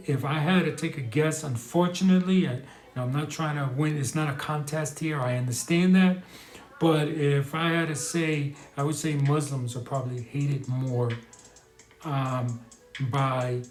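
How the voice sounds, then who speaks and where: On a live stream, a man from New York answers a question casually, rambling and hesitant, restarting often and apologizing along the way. His mid-range voice is a little mellow and sounds reverberant.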